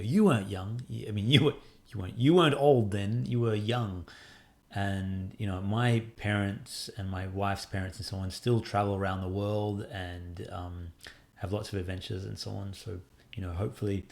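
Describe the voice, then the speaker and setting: A man's voice: lowish voice, gravelly, a little mellow. A man in his forties, an indie game developer casually answering fan questions, chatty and self-deprecating with lots of fillers. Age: 40s. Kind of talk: casual Q&A monologue.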